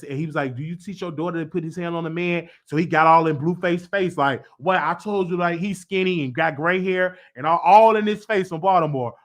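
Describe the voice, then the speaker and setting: A man hosting his own show, casually recapping and reviewing a TV episode in a slangy, animated way with loud bursts. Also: a little high.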